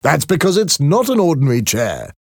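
A man's voice: a little high, huge pitch swings, fairly quick, vocal fry, no echo, studio quality, pitched above the performer's own voice, exaggerated voice. A man voicing a kind, encouraging doctor who speaks reassuringly. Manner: warm, reassuring. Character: kind, encouraging male doctor, middle-aged.

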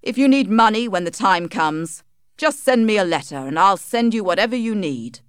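A woman voicing an arrogant young gentleman, demanding and offhand, at times mocking. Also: mid-range voice, animated, moderate pace, smooth, dry recording, clean studio sound, lightly acted.

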